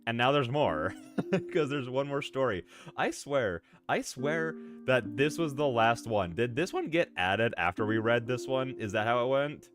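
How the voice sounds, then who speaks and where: A man's voice: mid-range voice, lively intonation, measured pace. A man streaming casually, chatting with his viewers as he reads a story, laughing often and repeating himself. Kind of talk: casual livestream chat. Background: music playing.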